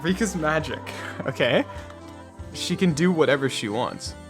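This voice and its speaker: Playful man with lively pitch. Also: measured pace, music in the background. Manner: playful, joking theorizing. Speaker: let's play host. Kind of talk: casual game commentary.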